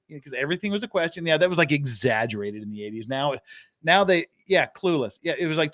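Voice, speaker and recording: A man's voice: fairly high pitch, animated, fast, a bit bright. A man in his fifties hosting a casual reaction livestream, profane and digressive, often laughing at his own jokes. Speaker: host reacting to interrogation footage.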